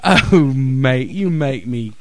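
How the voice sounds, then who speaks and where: Guy cohosting a radio show, goofing around with aussie slang, bouncy pitch, dry close sound. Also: animated, slow pace, dry recording. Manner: goofy, hams up Aussie slang. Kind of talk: joking on-air banter.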